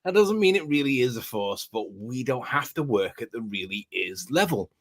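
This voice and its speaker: Scouse man, brisk explainer, mid voice, online call. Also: mid-range voice, big pitch swings. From northwest England. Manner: brisk, explanatory, talking while eating. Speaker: guest presenter. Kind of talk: casual online debate chat.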